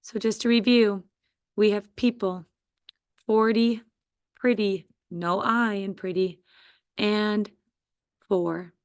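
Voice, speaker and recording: A woman teaching a children's phonics lesson at a very slow, deliberate pace, stretching out each letter and syllable. Her voice is smooth and clear with a touch of gravel, recorded dry and close. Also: medium pitch, fairly even intonation, no room sound.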